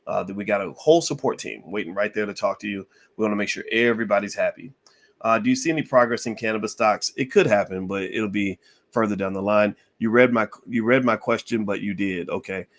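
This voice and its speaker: A man hosting a podcast, reading viewer questions aloud and answering them in a relaxed, conversational way with lots of fillers. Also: on the low side, fast. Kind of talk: casual live Q&A.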